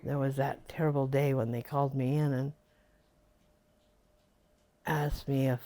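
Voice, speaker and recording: A woman's voice: very deep voice, little pitch movement, a little slow, mellow. An older woman being interviewed for an oral history, reminiscing in a rambling way with many fillers.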